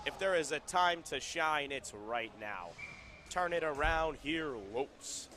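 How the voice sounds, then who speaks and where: Male play-by-play caller, casual and chatty, sudden excited bursts, raised pitch, over loud background music. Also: slow pace. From Southern California. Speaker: play-by-play commentator. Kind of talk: live roller hockey commentary. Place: indoor roller hockey rink.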